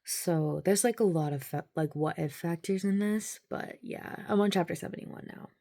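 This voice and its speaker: A woman's voice: on the low side, normal speed, warm tone. A young woman vlogging her reactions to a book, chatty and full of "like", with gushing exclamations. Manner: chatty, fills speech with "like". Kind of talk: casual reading-reaction vlog.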